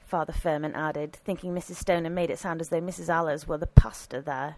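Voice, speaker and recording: A woman narrating an audiobook story in an expressive, animated reading on a close microphone. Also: fairly low pitch, normal speed, hardly any pauses, low-quality recording.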